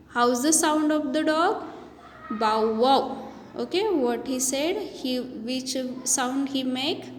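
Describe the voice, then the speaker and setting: A woman teaching a children's lesson, spelling each word letter by letter before saying it. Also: high-pitched. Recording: echoey room with long reverb, faint background noise.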